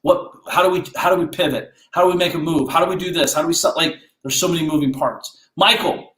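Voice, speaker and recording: A man with a fairly high voice delivers a blunt, fired-up motivational monologue as a podcast host. He keeps firing rhetorical questions at his listeners. The sound is roomy, with audible echo off the walls. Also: quick pace, few pauses, fairly bright tone.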